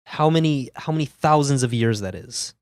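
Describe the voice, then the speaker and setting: A man's voice: mid-range voice, expressive, normal speed, a little mellow, clean tone, no echo, studio quality. A young man co-hosting a podcast, arguing his point in a casual conversational way. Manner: argumentative, pushes his own perspective. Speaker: podcast co-host. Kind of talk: casual chat.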